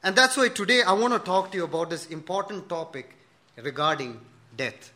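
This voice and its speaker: A pastor with a high, bright voice delivers a sermon to his church. He tells stories animatedly, acts out the characters' lines, and presses his listeners with earnest questions. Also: a little fast. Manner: animated storytelling, acting out dialogue in a joke; earnest rhetorical questions to the congregation.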